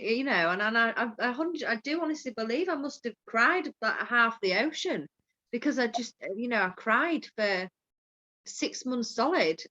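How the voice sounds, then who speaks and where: Her voice sits on the high side with a fairly bright tone. This mindfulness coach from Yorkshire, England, talks openly and casually in candid conversation, swearing freely and laughing a lot, all through dull lo-fi call audio.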